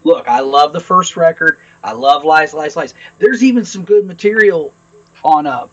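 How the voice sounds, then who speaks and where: A man's voice: fairly high pitch, moderate pace, dull audio, slight background noise. A man co-hosting a podcast in casual chat, blunt and opinionated, swearing freely. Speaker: podcast co-host.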